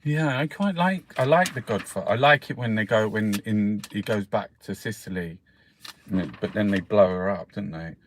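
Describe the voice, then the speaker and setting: A man's voice: fairly low pitch, moderate pace, a little hiss or hum. Rambling, swearing Irish man. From Ireland. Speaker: host. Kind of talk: casual newspaper review chat.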